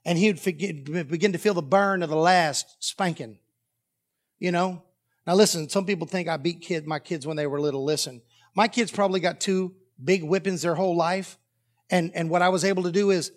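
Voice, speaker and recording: Male pastor, high-pitched, delivers a lively story-driven sermon. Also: a little fast. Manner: animated storytelling that acts out dialogue.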